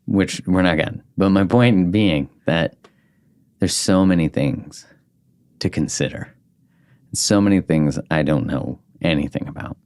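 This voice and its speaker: A man's voice: low voice, unhurried, a little mellow, no echo, clean studio sound. A man hosting a podcast, talking candidly and reflectively in casual conversation, swearing now and then. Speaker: podcast host.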